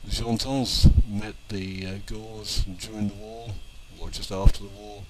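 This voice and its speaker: A man in his sixties from England talks over old family film, unhurried and reminiscing, pausing on fillers. His voice sits a little low. A heavy, constant hiss runs beneath it. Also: steady tone. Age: 60s. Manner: unhurried, with fillers and small restarts. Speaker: narrator of home movies.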